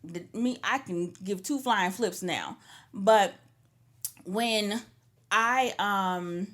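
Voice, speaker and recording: A young woman co-hosting a casual church podcast, telling her story with lots of expression. She jumps into quoted voices and lets her pitch rise and fall as she recounts what people said. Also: extremely slow, fairly bright tone. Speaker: podcast co-host. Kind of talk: casual faith podcast chat.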